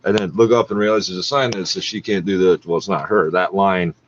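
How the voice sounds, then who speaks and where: A man's voice: deep voice, fairly even intonation, a little fast. A man delivering a profane, ranting monologue, sometimes acting out other people. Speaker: internet radio talker. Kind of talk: angry monologue over a radio feed. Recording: dull lo-fi mic with faint noise.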